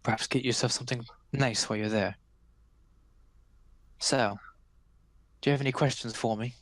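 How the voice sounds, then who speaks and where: A man voicing a scheming, coolly menacing noble widow of a powerful necromancer, with a measured delivery. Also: mid-range voice, fairly even intonation, dry recording, close to an everyday voice.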